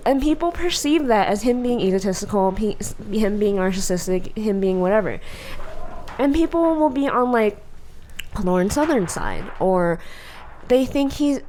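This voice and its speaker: A woman co-hosting a podcast in casual chat, blunt and opinionated, telling stories in an animated way. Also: fairly high pitch, slight background noise. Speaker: podcast co-host.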